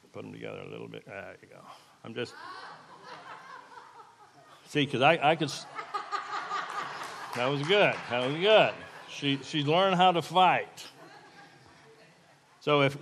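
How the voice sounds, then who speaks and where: A man giving an informal, plain-spoken sermon with a live demonstration, in an earnest, folksy manner. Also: medium pitch. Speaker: lay preacher. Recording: echoey hall with long reverb.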